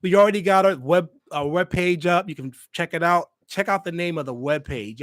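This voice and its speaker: Brisk and slightly bright, his voice sits high as he livestreams for his hospitality YouTube channel. He talks casually and directly to viewers, emphatic and repeating phrases for weight, and the USB desk microphone gives a dry recording.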